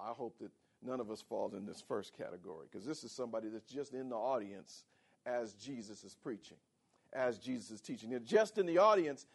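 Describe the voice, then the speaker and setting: A man preaching a sermon as pastor, animated and calling on the congregation for responses. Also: fairly high pitch, creaky. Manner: animated, calls for audience responses.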